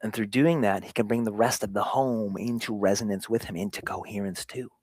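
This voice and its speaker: Male host, earnest fatherhood talk, lower pitch, dynamics from hushed to emphatic, dry sound. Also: steady tone, fairly quick, dry recording. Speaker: show host.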